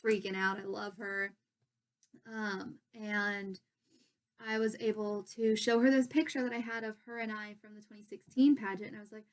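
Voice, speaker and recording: A young adult woman, a pageant contestant, tells stories in a casual vlog from her bedroom, bubbly and gushing. Her voice is mid-range, with a level tone and moderate pace.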